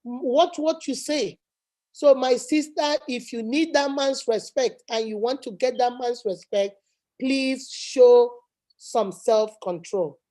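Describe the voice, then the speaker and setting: A woman with a high, slightly mellow voice hosts a talk show at an unhurried pace. She hands out advice in a preachy, emphatic way, repeating her points to drive them home.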